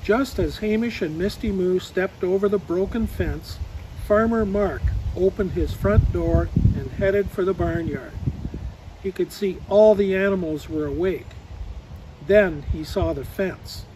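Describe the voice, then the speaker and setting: A man reads a children's storybook in a high yet mellow voice. He is outdoors, with faint rustling and noise behind him. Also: measured pace, poor audio. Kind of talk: storybook read-aloud.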